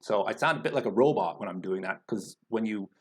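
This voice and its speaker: Lowish male voice, teacher going slow n careful, lots of ums, explaining a speaking lesson. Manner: slow and deliberate, thinking aloud with fillers. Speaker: IELTS teacher.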